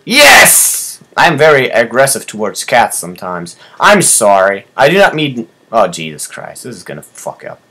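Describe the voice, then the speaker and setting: A young man doing excitable gameplay commentary, swearing and yelping at surprises. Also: fairly low pitch, moderate pace, few pauses. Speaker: let's player.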